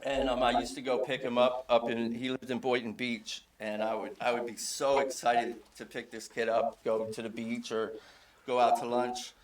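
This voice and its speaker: A man's voice: medium pitch, normal speed. Middle-aged father telling stories at a eulogy. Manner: relaxed anecdotal storytelling, chuckling often. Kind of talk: informal memorial eulogy. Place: funeral home service.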